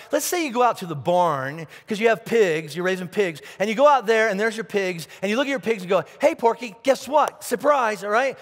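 A man preaching a sermon as pastor, animated, asking rhetorical questions and often repeating his words. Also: sits high, long reverb tail. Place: church auditorium.

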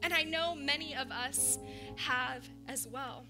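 A woman with a high, bright-pitched voice preaches in a church, chatty and emphatic, leaning hard into the drama of the story. Music plays softly underneath her. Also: slow. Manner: animated, emphatic storytelling with casual asides. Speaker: pastor. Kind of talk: conversational sermon.

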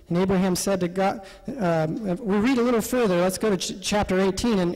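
Man, high voice, Bible study teacher, animated and laughing, long reverb of a parish hall. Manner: animated, often laughing, acts out quotes. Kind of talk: lively Bible study talk.

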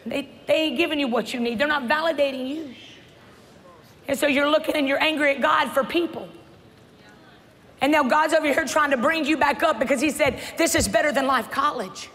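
A woman, preaching a sermon with humor, often shouting. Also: sits high, fairly even intonation, brisk. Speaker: pastor. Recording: church hall reverb with faint crowd.

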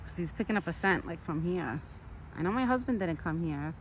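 A woman casually vlogging outdoors in a yard, rambling in a chatty way and cooing softly in a high voice to soothe her deer. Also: lively intonation, fairly quick, a little hiss or hum, low-quality recording. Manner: rambling and chatty, full of "like" and "you know". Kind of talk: casual outdoor vlog chat. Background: crickets and outdoor nature sounds.

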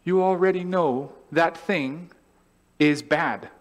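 Animated man preaching in a reverberant church. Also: fairly high pitch, slow pace. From California. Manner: animated, storytelling, acts out voices and laughs. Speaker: pastor. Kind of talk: sermon. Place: church sanctuary.

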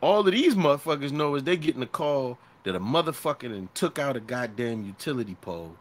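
A man's voice: mid-range voice, expressive, fast talker. A middle-aged man co-hosting a podcast in casual chat, profane and storytelling, often acting out quotes. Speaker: podcast co-host.

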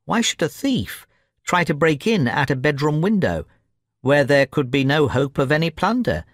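A man's voice: on the high side, very animated, normal speed, no room sound, studio quality. A man voicing a nervous, querulous young man still weak from a long illness, speaking anxiously in an audiobook reading.

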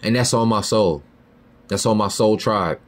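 A man hosting a podcast, delivering a heated, profane monologue that swings between loud high outbursts and low muttered lines. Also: unhurried. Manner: heated, profane, repeats "you feel me" and "bro". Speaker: podcast host.

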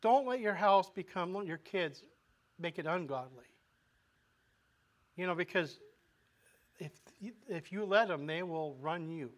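A man's voice: high voice, lively intonation, measured pace, long pauses. A male pastor preaching a sermon in a conversational way, asking the congregation rhetorical questions and often repeating words as he goes.

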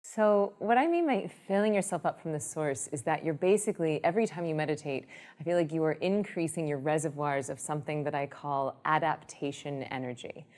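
Low-voiced woman teaching meditation. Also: fairly quick, hardly any pauses. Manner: lively storyteller, acts out quoted people. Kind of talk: explanatory talk on meditation.

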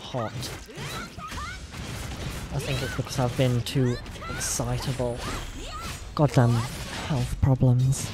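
A woman streamer chatting casually on stream, rambling, swearing and giggling, and practising a higher voice. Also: level tone, slow, long pauses, over music. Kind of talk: casual livestream chat.

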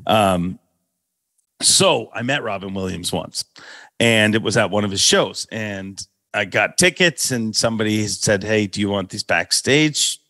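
A middle-aged man hosting a podcast, telling an animated story with laughs as he talks. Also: on the low side, a little slow, no echo. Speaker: podcast host. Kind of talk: casual storytelling chat.

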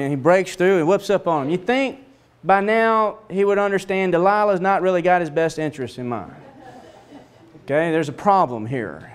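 Animated man teaching a Bible story. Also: moderate pace, clean tone. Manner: storytelling, acts out voices with big pitch swings.

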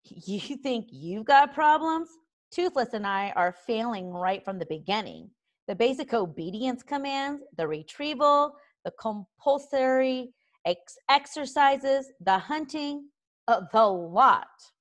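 A woman's voice: a little high, lively intonation, slow pace, pitched above the performer's own voice. A woman playing an exasperated young boy. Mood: glum. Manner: exasperated, pleading. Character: frustrated young boy dragon trainer.

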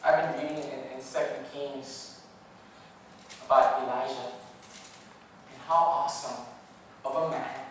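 A man preaching a sermon, swinging from loud bursts to hushed tones when he quotes God softly. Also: mid-range voice, fairly even intonation, unhurried, long pauses, slight background noise. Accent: Californian. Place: church hall. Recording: echoey hall from far off.

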